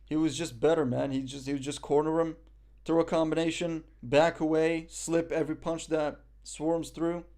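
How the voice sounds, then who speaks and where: A young Moroccan man chats casually on a live stream, reading the chat and joking at his own expense. His voice is on the high side with a darkish tone, little pitch movement and normal speed.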